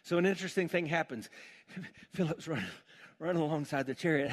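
Emphatic preaching man, slightly high voice. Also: brisk, long pauses. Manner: preaching with rising emphatic calls and congregation prompts. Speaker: pastor. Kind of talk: sermon.

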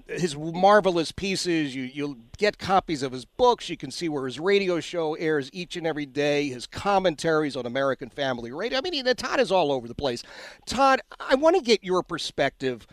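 A man hosting a talk radio show, with a high, bright voice and a folksy, enthusiastic manner. He sounds close and dry in the studio with no room echo. He chats warmly with his guest and plugs his work.

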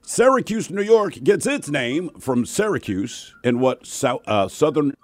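A man's voice: fairly high pitch, animated, unhurried, dry recording. Jokey, teasing man hosting a radio quiz, voice bouncing up and down. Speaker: radio host.

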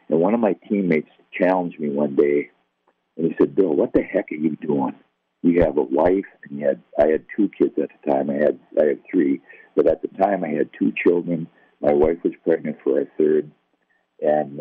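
Gravelly deep older man telling his story. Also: no room sound. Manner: conversational, self-deprecating, acts out quoted dialogue. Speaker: guest telling his testimony. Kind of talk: personal testimony storytelling. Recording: tinny, phone-like, dry.

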